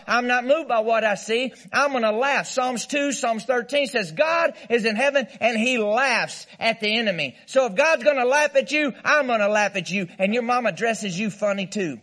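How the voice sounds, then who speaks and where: A man's voice: extremely high pitch, normal speed, hardly any pauses, fairly bright tone. A man preaching a sermon as guest pastor, playful and emphatic, leading the congregation in call-and-response and bursting into mock laughter.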